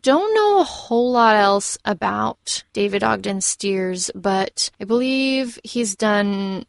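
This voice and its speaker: A young woman chats casually as a podcast co-host, with a gravelly, creaky edge to her voice. She restarts her sentences often and keeps things lively. The sound is dry and close. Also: medium pitch, slow, no echo. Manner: chatty, with restarts and fillers. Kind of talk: casual film discussion chat.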